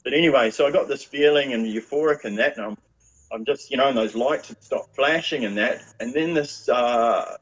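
A man's voice: medium pitch, normal speed, dull audio. A man, chatting casually as a guest with a rambling manner and lots of fillers. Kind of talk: casual chat.

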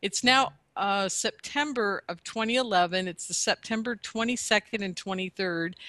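A woman casually telling a long personal story to a host, animated and chatty, laughing often. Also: medium pitch, no echo. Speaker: guest telling her story.

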